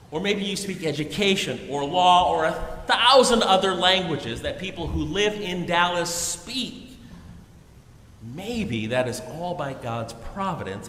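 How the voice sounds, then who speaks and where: A man, an Episcopal priest, preaching a sermon and telling a story in a lively, storytelling way with chuckles, in a large church. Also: fairly high pitch, slight background noise. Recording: echoey hall with long reverb.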